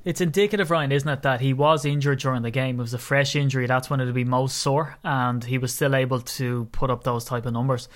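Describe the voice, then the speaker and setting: A man's voice: brisk, few pauses. A man co-hosting a casual sports podcast, joking and exaggerating as he talks. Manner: animated, joking, exaggerating with rising pitch. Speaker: podcast co-host.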